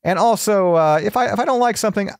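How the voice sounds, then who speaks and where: Joking podcast guest, dry close sound. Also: male voice, high voice, dry recording. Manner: joking, halting with fillers and restarts. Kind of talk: casual podcast chat.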